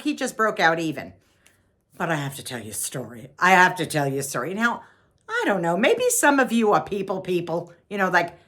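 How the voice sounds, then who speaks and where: Chatty older woman with a New York accent. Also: lowish voice. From Long Island, New York. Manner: chatty, repeats herself, animated. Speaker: vlogger. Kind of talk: casual storytelling.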